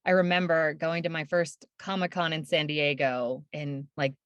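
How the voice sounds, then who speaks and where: A woman's voice: low-pitched, level tone, moderate pace, fairly bright tone, smooth, no room sound, muffled recording. A woman who narrates audiobooks, chatting casually in an interview and laughing often.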